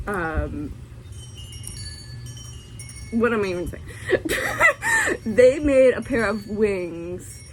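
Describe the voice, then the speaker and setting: Giggly young woman gushing, unhurried. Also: medium pitch, a little hiss or hum. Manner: giggly, gushing, full of fillers. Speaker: vlogger. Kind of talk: casual unboxing vlog.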